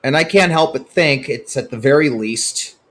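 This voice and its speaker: A man hosting his own podcast, giving opinionated solo commentary that swings from heated outbursts to hushed, sober stretches. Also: medium pitch, normal speed. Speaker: podcast host.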